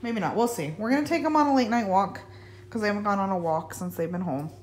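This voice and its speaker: A woman's voice: mid-range voice, animated, fast talker, darkish tone, a little hiss or hum. A young woman from the United States chatting casually in her daily vlog, sliding into bubbly baby talk with her pets. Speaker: vlogger.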